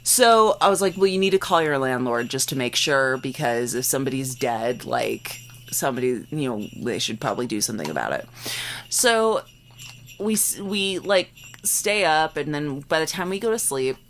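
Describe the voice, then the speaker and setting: A woman in her late twenties tells a creepy story to her co-hosts, her voice sitting low in pitch. She talks loosely, leaning on "like" and acting out what everyone said. Faint noise runs under the recording. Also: normal speed. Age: late 20s. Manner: animated, acts out quotes, many "like" fillers. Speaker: podcast co-host. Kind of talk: casual storytelling.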